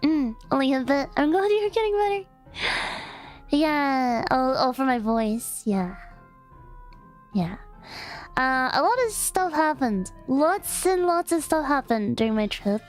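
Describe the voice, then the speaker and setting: A young woman streaming a casual chat, hoarse and raspy from losing her voice, talking in a bubbly, rambling way. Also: high-pitched, lively intonation, measured pace, soft background music. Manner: bubbly, chatty, rambling with frequent laughs. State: hoarse, voice partly gone. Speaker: VTuber streamer.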